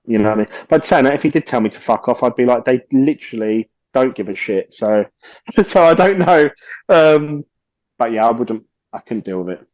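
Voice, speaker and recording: A man's voice: medium pitch, expressive, normal speed, darkish tone, no echo. A man, a podcast guest telling stories casually, animatedly acting out quotes and swearing freely.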